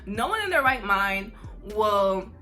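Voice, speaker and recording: A young woman from New York, a vlogger telling a casual storytime, animated and profane, saying "like" constantly. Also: medium pitch, slow pace, faint music behind. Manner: animated, profane, heavy use of "like".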